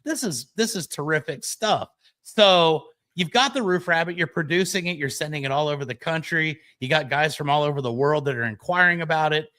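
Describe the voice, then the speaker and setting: A man's voice: fairly high pitch, a little fast, bright, forceful tone. A man hosting a podcast interview, responding to his guest with enthusiastic encouragement. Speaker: podcast host. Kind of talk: casual interview.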